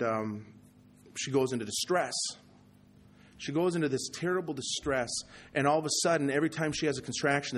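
A man giving a personal testimony talk at a recovery meeting, talking passionately and swinging from loud, heated outbursts to low, quiet confession. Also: a little hiss or hum. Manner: conversational, repeats "you know".

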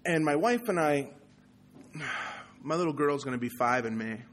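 A man delivers a raw personal testimony to a recovery group, his slightly high voice climbing into heated, near-shouted outbursts before sinking into low, quiet confession. His delivery stays conversational, sprinkled with "you know" as he talks to the room. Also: very animated, normal speed. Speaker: recovery meeting speaker.

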